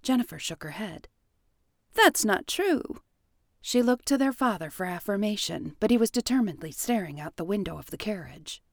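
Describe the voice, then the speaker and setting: A woman reading a period novel aloud in calm, even audiobook narration. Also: medium pitch, fairly quick, few pauses, dry recording, clean studio sound.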